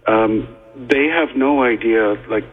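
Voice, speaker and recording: A man talking as a guest on a call-in radio show, halting and full of fillers and restarts, heard over a phone line. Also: mid-range voice, slightly rough, faint music behind.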